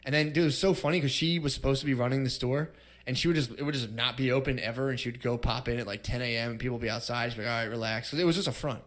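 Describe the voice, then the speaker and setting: A man's voice: medium pitch, racing, fairly bright tone. A man in his thirties, a podcast co-host, telling crude stories in a rambling, casual way and acting out quotes. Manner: rambling, laughs often, acts out quotes.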